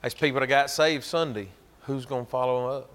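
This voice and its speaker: A man's voice: mid-range voice, steady tone, fairly quick, a bit bright. A man with a Georgia Southern accent, preaching a sermon as a pastor and telling a story in a folksy, emphatic way. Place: church.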